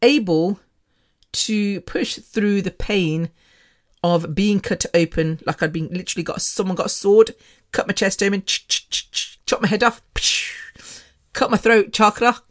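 A woman's voice: mid-range voice, unhurried. A woman hosting her own podcast in a casual personal monologue, frank and candid with mild swearing, rambling with frequent restarts. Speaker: podcast host.

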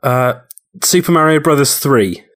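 Slow-talking quiz contestant. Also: male voice, medium pitch, lively intonation, fairly bright tone. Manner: easygoing, laughs and swears.

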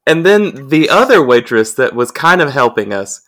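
Young male podcaster, loose profane storyteller, mid-pitched everyday voice. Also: moderate pace. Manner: profane, animated anecdote telling. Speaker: podcast co-host. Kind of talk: casual storytelling.

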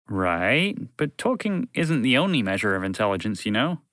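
A man's voice: lowish voice, very animated, normal speed, fairly bright tone, dry recording, clean studio sound. A man narrating a children's story in a playful, teasing way, answering interruptions as he goes.

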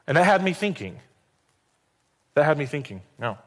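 A male pastor giving a sermon in a conversational, joking way, with quick asides to the congregation. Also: fairly high pitch, sing-song, a bit bright. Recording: long hall reverb.

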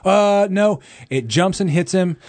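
A man's voice: high voice, unhurried, darkish tone, dry recording. A man co-hosting a podcast, chatting casually about a movie in a blunt, wry way with casual swearing. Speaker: podcast co-host.

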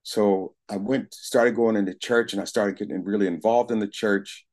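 A middle-aged man shares his own story at a recovery meeting, candid and plain-spoken, with a bit of casual swearing. His voice sits a little low. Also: fairly even intonation, normal speed, darkish tone. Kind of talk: personal testimony at a recovery meeting.

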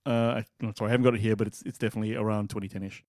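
A podcast co-host with a lowish voice talks very fast in a casual chat, swearing, laughing and telling stories animatedly. The recording is dry with a clean studio sound.

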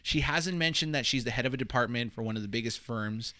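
A man co-hosting a podcast, chatting casually about a TV episode and getting animated when excited. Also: fast talker, no echo. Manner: animated, goes high and loud when excited, laughs often. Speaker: podcast co-host. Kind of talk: casual chat reviewing a TV episode.

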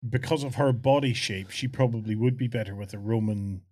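A man hosting a casual tabletop gaming chat show, playful and quick to laugh. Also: medium pitch. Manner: giggly, playful, animated. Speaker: podcast host.

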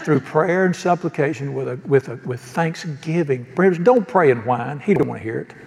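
Male pastor, folksy joking sermon delivery, slightly high pitch, reverberant sanctuary. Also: normal speed, vocal fry, darkish tone. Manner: folksy, joking preacher who asks the congregation questions. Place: church sanctuary.

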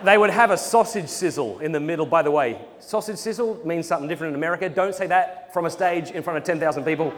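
A man's voice: a little high, fast talker, hardly any pauses. A young Australian man telling funny stories to a conference audience, acting out quotes as he goes. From South Australia. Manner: animated storytelling with acted-out quotes and laughs. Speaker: speaker. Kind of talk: humorous talk to a conference audience. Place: large conference hall. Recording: hall reverb with faint noise.

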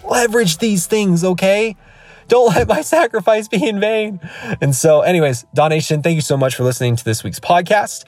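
A man's voice: high-pitched, expressive, normal speed, darkish tone, no room sound. A man in his thirties, a podcast host, giving an emphatic, rambling motivational rant from his car, recorded on a phone. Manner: emphatic, repetitive, rambling with restarts. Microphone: iPhone.

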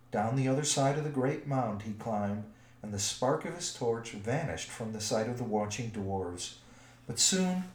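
A man narrating a storybook in a measured, expressive way. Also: mid-range voice. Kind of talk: storybook reading. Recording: roomy echo.

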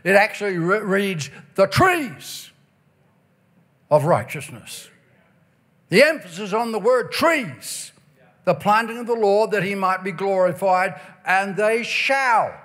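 A man with a high voice delivers a revival sermon. He stretches out key words, rises into shouts and slips into a sing-song cadence as he reads verses aloud. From Ireland. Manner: emphatic, drawn-out stresses, bursts of shouting and sing-song phrasing. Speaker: preacher.

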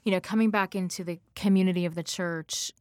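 Low-voiced woman radio host. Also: steady tone, fairly quick, dry recording, clean studio sound. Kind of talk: radio interview.

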